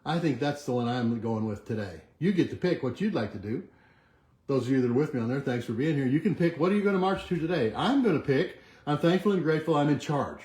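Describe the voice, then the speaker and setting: Older male motivational speaker, mellow voice, slow soft affirmations that trail off, roomy home recording. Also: mid-range voice, expressive. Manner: repeats affirmations slowly and softly, trailing off quieter. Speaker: chiropractor leading a weekly motivational march. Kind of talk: motivational self-help talk with affirmations. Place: home kitchen with a bay window.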